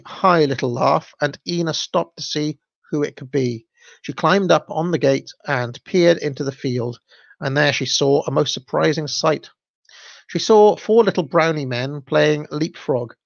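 A man reading a children's story aloud, adding asides with fillers and halting restarts. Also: a little high, gravelly, no room sound. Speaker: storybook reader and commentator. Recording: dull, dry lo-fi recording.

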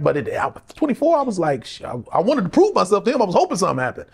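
Here a middle-aged man, an actor, races through candid interview anecdotes with few pauses, his high voice creaky and slightly rough. He's animated, voicing other people's lines himself and laughing frequently as he chats.

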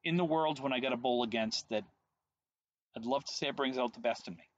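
A man in his forties co-hosts a relaxed podcast chat, ribbing his partner in a wry, teasing way. He speaks at an ordinary mid pitch. The recording is dull and lo-fi, taped outdoors on a home deck. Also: fairly quick, a little hiss or hum. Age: 40s. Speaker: podcast co-host. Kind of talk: casual chat. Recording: dull lo-fi sound.

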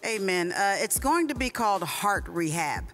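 A woman's voice: medium pitch, sing-song, moderate pace, fairly bright tone, soft background music. A woman speaking fervently in a church testimony style, calling out to the room as she shares. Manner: fervent, with church call-outs. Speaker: church member and podcast leader.

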